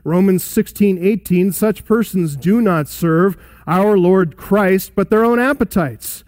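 A man with a fairly high voice preaches an expository sermon. He is emphatic, then sinks into hushed, solemn asides. The sound is dry and close to the mic. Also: takes it slowly, no room sound. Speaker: pastor.

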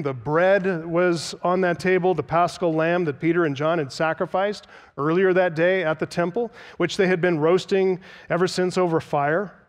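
This is an expository sermon from a man whose voice is high. He teaches earnestly, leans on repetition for emphasis, and eases his pace to underline key phrases.

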